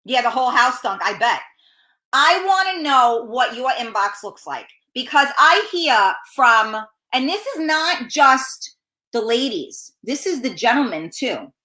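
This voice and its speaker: A woman's voice: a little high, sharp tone. Blunt, foul-mouthed woman host. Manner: blunt, profane, outspoken. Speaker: talk show host. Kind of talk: casual talk-show monologue. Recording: roomy echo.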